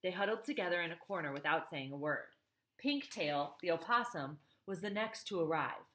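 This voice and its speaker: A woman's voice: lowish voice, expressive, normal speed, a bit bright, a little hiss or hum. A woman reading a novel aloud, stopping for chatty asides to her listeners. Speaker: reader.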